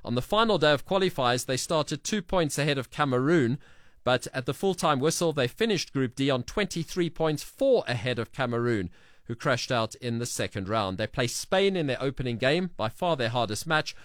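A man's voice: medium pitch, expressive, no room sound, studio quality. A man hosting a radio sports show, reading listener messages and quiz answers aloud in a chatty way. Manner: chatty, reads names and quiz answers briskly.

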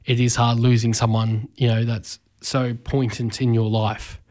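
A man, hosting a community radio talk show, speaking emotionally and haltingly with many fillers and restarts, his voice breaking with grief. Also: mid-range voice, level tone, darkish tone. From Australia. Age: 20s. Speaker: radio host.

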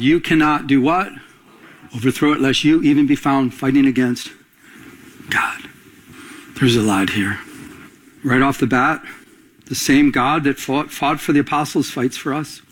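A middle-aged man preaching a radio-broadcast sermon, asking the congregation to fill in words and telling quick stories. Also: on the high side. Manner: call-and-response preaching, quick anecdotal storytelling. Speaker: pastor.

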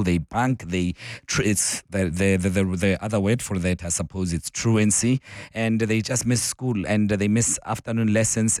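A man with a South African accent hosting a morning radio talk show, his voice croaky and hoarse, chatting and thinking aloud. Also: lowish voice, dry recording, clean studio sound. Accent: South African English. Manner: chatty, warm greetings, thinking aloud with fillers. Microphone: studio microphone, close and dry.

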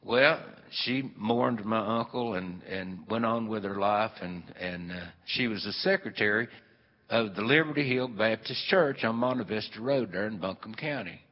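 A man's voice: lowish voice, moderate pace. An older man, telling a rambling, folksy family story with many fillers. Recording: long hall reverb, dull lo-fi sound.

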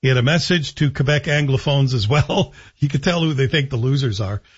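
Middle-aged man, talk radio host, sarcastic opinion monologue, husky voice, slightly high, dull lo-fi audio. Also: a little fast. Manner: sarcastic, joking asides.

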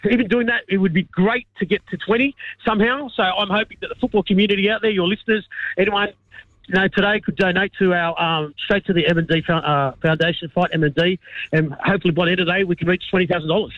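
A man calling in to a radio show, making a hurried, stumbling appeal. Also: high voice, fairly even intonation, no room sound. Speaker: caller. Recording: dull lo-fi phone line.

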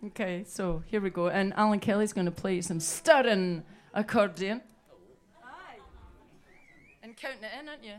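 A woman's voice: medium pitch, moderate pace, pauses often. A Scottish woman, a folk singer on stage, telling jokey stories between songs and coaxing the audience to sing along. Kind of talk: chatty between-song banter.

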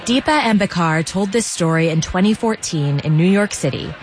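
A woman host reading a measured, scripted introduction between stories. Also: lowish voice, animated. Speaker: radio show host. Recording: loud music and crowd behind.

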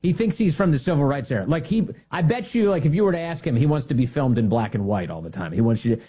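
A man hosting a political radio talk show, sarcastic and animated, laughing often as he mocks. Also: mid-range voice, fast talker, breathy edge. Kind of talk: mocking political commentary.

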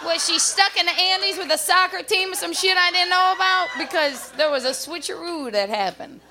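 A woman doing a stand-up comedy routine on a club stage with a handheld mic, brash and loud with punchy delivery. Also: very high-pitched, moderate pace, some chatter behind.

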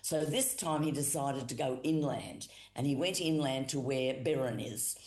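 Aussie storyteller, slow repetitive oral telling, pauses a lot, echoey room sound. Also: medium pitch, a little mellow. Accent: Australian. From Boandik country, South Australia. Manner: unhurried, repetitive storytelling with pauses and emphatic retellings. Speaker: Aboriginal storyteller and cultural educator.

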